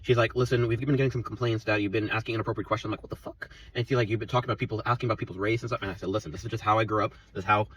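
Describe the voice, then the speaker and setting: A man's voice: lowish voice, fairly even intonation, very fast, hardly any pauses, a bit bright, distant mic, lo-fi sound, slight background noise. A man in his twenties telling an angry, profane story about his workplace, rambling and heated. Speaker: vlogger.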